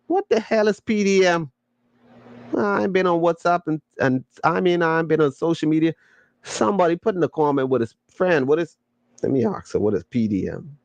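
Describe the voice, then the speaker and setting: Excitable man on a dry, close mic. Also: a little high, moderate pace, vocal fry, dry recording. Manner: playful, slangy and excitable, breaking into laughter. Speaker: podcast host. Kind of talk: casual chat reading viewer comments.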